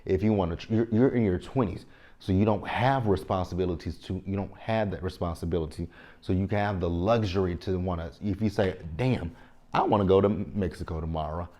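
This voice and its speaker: A Southern US man in his thirties recaps a TV episode as a vlogger, rambling in a chatty, informal way full of slang. His voice is low and mellow, and he speaks a little fast.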